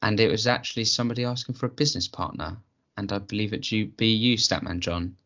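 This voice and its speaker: A man on a comedy podcast, hesitant and sheepish, pitching his case. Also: quick pace, fairly bright tone. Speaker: podcast co-host. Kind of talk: comic podcast banter. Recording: slightly dull lo-fi.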